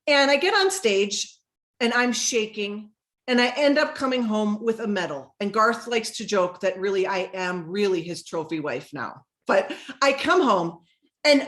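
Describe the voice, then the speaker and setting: A middle-aged woman hosting a live motivational talk, telling a personal story and acting out the quoted lines in a higher voice. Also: a bit bright.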